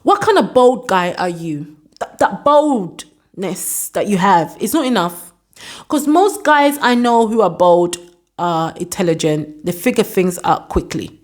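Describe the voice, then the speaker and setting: A woman's voice: mid-range voice, a little mellow. A woman casually recapping a reality show episode, scolding its cast in exasperated asides. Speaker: vlogger reviewing a reality show.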